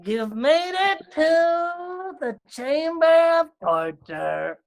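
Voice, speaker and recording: A man voicing a creepy male alien torture expert in a slow, drawn-out, high character voice for a comedy audio drama. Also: very animated, vocal fry, exaggerated voice. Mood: sinister glee.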